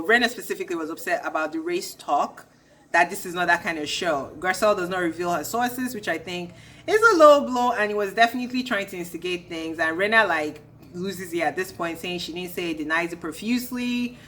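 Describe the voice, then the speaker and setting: A woman's voice: lowish voice, fairly quick, a bit bright. A young woman ranting through a casual recap of a reality show, sassy and blunt with a gossipy edge.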